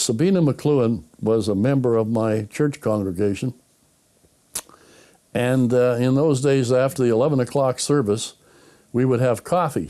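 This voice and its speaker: A man's voice: medium pitch, warm tone. An older man, a guest being interviewed, recounting anecdotes and acting out remembered conversations. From Canada. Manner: anecdotal, acts out remembered dialogue. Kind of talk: interview storytelling.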